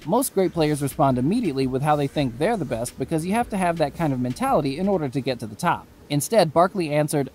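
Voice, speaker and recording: A man reading scripted sports documentary narration in a steady, even way. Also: fairly high pitch, fast, hardly any pauses, a little hiss or hum.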